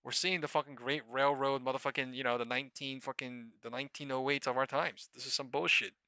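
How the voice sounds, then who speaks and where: A man's voice: mid-range voice, steady tone, fast talker, sharp tone, clean tone, dry recording. A man live-streaming his stock trades, talking casually with heavy swearing and exasperated rambling.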